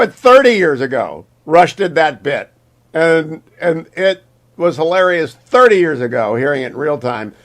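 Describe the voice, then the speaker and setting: A man hosting a talk radio show, emphatic and energetic, with quick asides. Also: a little high.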